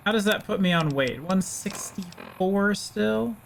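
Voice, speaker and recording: High-voiced chatty streamer guy. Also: a little slow, creaky, a little hiss or hum. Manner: chatty, talks to chat, wry. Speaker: game streamer. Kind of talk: casual live-stream commentary.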